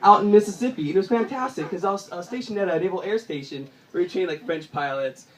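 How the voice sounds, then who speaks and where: A young man doing stand-up, telling stories in an animated way and often laughing through his lines. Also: sits high, fast talker, a loud crowd, poor audio. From Southern California. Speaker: stand-up comedian. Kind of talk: stand-up storytelling.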